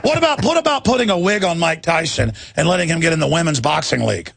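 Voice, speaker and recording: A man's voice: on the high side, animated, fast talker, gravelly, a bit bright, no echo. A man hosting a talk radio show, ranting sarcastically and laughing at his own jokes while he interviews a guest.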